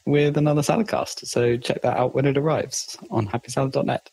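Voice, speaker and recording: A man hosting a podcast in casual chat, amused and quick to chime in. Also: mid-range voice, fairly even intonation, a little mellow. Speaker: podcast host.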